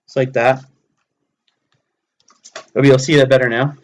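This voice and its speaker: A man's voice: mid-range voice, little pitch movement, unhurried. Chatty man narrating his hobby craft. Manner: chatty, talks himself through each step. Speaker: hobbyist live streamer. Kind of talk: casual live-stream commentary while crafting. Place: home hobby table.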